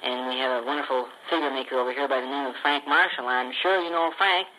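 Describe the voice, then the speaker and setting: Chatty man, bright voice. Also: mid-range voice, fairly even intonation, quick pace, a little hiss or hum, rough recording. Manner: friendly, chatty. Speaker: ventriloquist. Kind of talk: recorded spoken letter.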